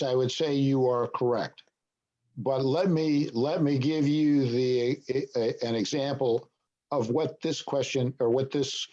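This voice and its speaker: A man's voice: mid-range voice, a little mellow, muffled recording. A man leading a business broker training, explaining points and checking in with "okay?". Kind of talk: training session talk.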